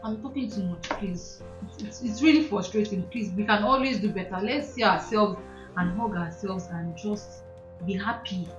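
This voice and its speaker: A woman's voice: mid-range voice, moderate pace. A young woman with a Nigerian English accent, chatting casually and laughing, sometimes slipping into pidgin. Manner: animated, laughing, slips into pidgin. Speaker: channel host. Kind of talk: casual chat. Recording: roomy, dull sound with faint music.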